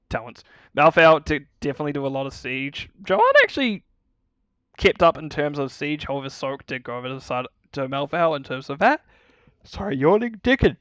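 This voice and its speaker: A man's voice: mid-range voice, creaky, fairly bright tone, dry recording, dull audio. A man casting a live esports match on his own, chatty and self-correcting, explaining game mechanics for viewers. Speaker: esports caster. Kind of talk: solo live game commentary.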